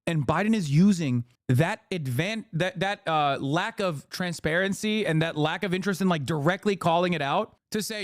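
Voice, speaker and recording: A man's voice: a little high, moderate pace, few pauses, dry recording, clean studio sound. A man giving heated, profane political commentary while reacting on a live stream. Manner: heated, profane, emphatic ranting.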